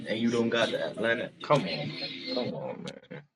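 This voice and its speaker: A man's voice: on the low side, expressive, normal speed, over music. A man hosting random video chats, teasing strangers in laid-back slang. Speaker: host. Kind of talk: casual video-chat banter. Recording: dull lo-fi video-chat audio.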